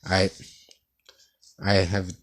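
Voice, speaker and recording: Guy rambling through a class presentation, super low voice but kinda bright, monotone, stutters a lot. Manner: rambling, halting, many restarts and stutters. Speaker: student presenter. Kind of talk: class presentation about an artist.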